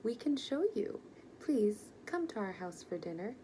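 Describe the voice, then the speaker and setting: A woman doing a gentle, faithful mother. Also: medium pitch, sing-song, unhurried, slight background noise. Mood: warm. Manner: gentle, smiling.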